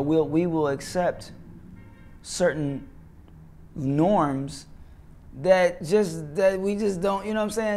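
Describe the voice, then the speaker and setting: As an interview guest, this male comedian and actor talks in a high, darkish voice. He preaches more than chats, emphatic and repetitive, with frequent "you know what I'm saying" check-ins.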